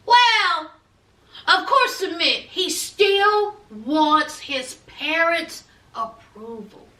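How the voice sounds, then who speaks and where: A woman with a very high, bright voice who recaps a show in a sassy, dramatic way, taking her time. Her speech is slow. The sound is roomy, and she sits well back from the mic. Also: expressive. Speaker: vlogger recapping a reality show. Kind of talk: casual recap commentary. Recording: echoey room, distant mic.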